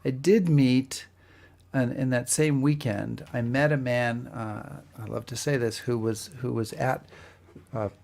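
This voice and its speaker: A man co-hosting a history podcast, telling stories in a halting, conversational way with frequent repeated starts. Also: medium pitch, steady tone, gravelly, a little mellow. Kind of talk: casual conversational storytelling.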